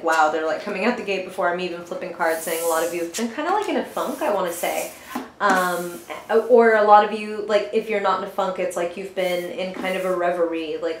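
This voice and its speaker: A woman's voice: fairly low pitch, background noise. A young woman giving a casual, chatty tarot reading, full of filler words and giggles. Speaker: tarot reader. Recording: echoey room.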